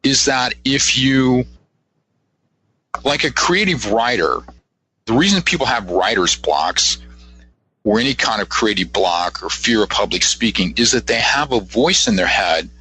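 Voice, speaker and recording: A man's voice: medium pitch, animated, unhurried, bright, forceful tone, a little hiss or hum, poor audio. A man in his fifties, a guest psychic, telling rambling anecdotes in a casual radio interview and acting out quotes as he goes. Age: 50s.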